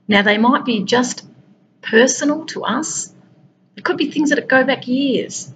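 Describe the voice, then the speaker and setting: A woman's voice: high voice, a little slow, a bit bright, a little hiss or hum, poor audio. A woman giving an informal motivational talk as a wellbeing coach. She talks directly to her listeners in a conversational way.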